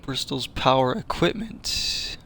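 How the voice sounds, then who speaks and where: A man's voice: mid-range voice, expressive, takes it slowly, gravelly, sharp tone. A man in a casual let's-play chats with his viewers while he plays, joking and laughing often. His voice sits in an ordinary middle register. Faint noise runs behind him. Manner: chatty, joking, laughs often, talks to chat. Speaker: gaming channel host.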